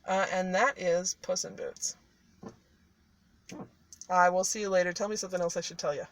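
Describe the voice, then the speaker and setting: A woman's voice: lowish voice, steady tone, normal speed, a little hiss or hum. A woman casually retelling a fairy tale in a parked car, chatty and irreverent, with swearing and laughing asides. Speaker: storyteller.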